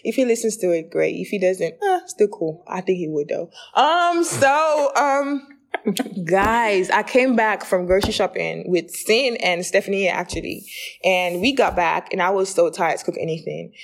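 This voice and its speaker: A young woman hosting a podcast in a relaxed, chatty way. Her voice sits at an ordinary middle pitch, and she tells her stories with energy, playing out the back-and-forth in her own voice. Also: moderate pace, creaky. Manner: chatty storyteller, acting out quoted lines with rising excitement. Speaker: podcast host. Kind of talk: casual podcast chat.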